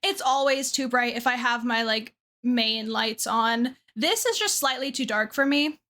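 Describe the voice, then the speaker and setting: A woman's voice: fairly high pitch, a little slow, pushed and bright. A young woman streamer chatting casually to her chat from a dim room at her desk, self-deprecating and trailing off with fillers.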